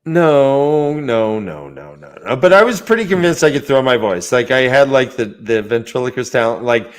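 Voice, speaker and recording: A man's voice: mid-range voice, big pitch swings, normal speed. A man co-hosting a casual book discussion podcast, laughing often and swearing casually as he retells scenes. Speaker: podcast co-host.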